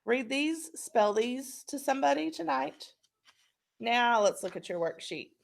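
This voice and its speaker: Woman, phonics teacher, patient, encouraging, very slow delivery, slightly high voice. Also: expressive, gravelly, slight background noise. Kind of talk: phonics lesson for young children.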